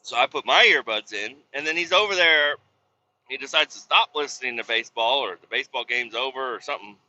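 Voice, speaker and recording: A man's voice: mid-range voice, expressive, a little fast, bright, forceful tone. A man, a truck driver, telling a long, rambling, profane story in casual, exasperated chat. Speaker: podcast host, truck driver. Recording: dull lo-fi with faint noise.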